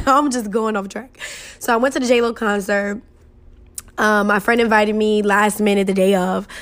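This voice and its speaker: A young woman chatting casually to camera in a sassy, emphatic, profane way, laughing often. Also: fairly high pitch. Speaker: vlogger.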